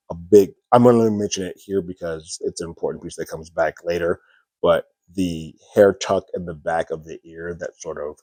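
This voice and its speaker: A man's voice: sits low, a little mellow, no room sound. A man reviewing a TV episode in a casual, rambling recap full of "sort of" and "like". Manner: rambling, many "sort of" and "like" fillers.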